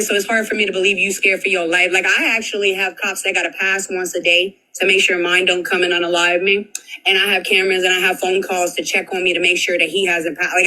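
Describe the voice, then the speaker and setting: A panel guest on a live stream argues bluntly in casual talk. The voice is mid-pitched and very bright. Rhetorical questions come one after another, padded with "like". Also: rough recording. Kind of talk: casual heated argument.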